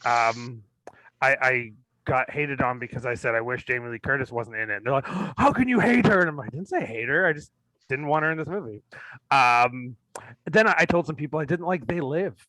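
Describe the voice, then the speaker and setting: A man's voice: mid-range voice, a little fast, pushed and bright, dry recording, rough recording. A man hosting a casual chat about movies, joking, rambling and laughing often. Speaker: host of a movie screening show.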